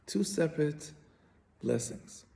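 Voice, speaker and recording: A man's voice: on the high side, animated, slow pace, creaky, mellow. A man teaching a Bible commentary lesson, patiently explaining and often repeating and restarting his phrases. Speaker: Torah teacher.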